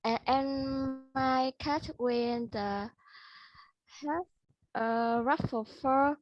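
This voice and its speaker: A woman answers her class prompt very slowly in a high voice, pausing to search for words. The audio is dull and dry, with no room sound. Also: fairly even intonation, no room sound. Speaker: student. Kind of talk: answering a speaking test question.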